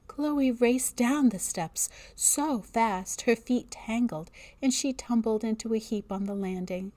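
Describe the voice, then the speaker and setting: Slow, deliberate woman reading aloud. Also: fairly high pitch, dark tone. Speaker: teacher. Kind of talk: reading a book chapter aloud.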